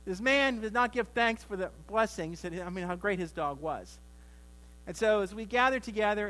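A middle-aged man preaching at a Thanksgiving service, with a notably high voice. He talks in a relaxed, folksy way, sliding into homely stories and jokes to make his point. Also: rough recording. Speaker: pastor. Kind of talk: Thanksgiving sermon.

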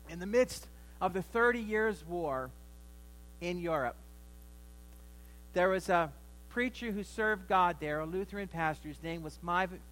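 A man's voice: fairly high pitch, a bit bright, poor audio. A middle-aged male pastor giving a Thanksgiving sermon in a folksy, storytelling way.

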